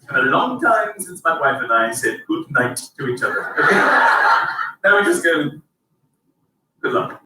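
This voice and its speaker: A man doing a stand-up routine, acting out voices and shouting punchlines. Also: fairly high pitch, very animated, moderate pace, a little hiss or hum. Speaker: stand-up comedian. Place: stage before a live audience. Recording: echoey distant stage recording with loud audience.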